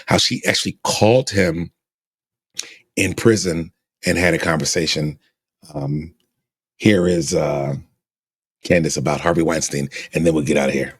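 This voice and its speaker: Casting note: podcast host, very low husky voice, animated and repetitive. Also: male voice, dry recording. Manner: animated, stammering repeats when excited. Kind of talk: excited podcast commentary.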